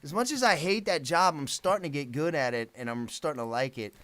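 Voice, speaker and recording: A man's voice: a little high, fairly quick, a bit bright, dry recording. A man hosting a casual live stream, rambling, swearing freely and laughing often. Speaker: livestream host.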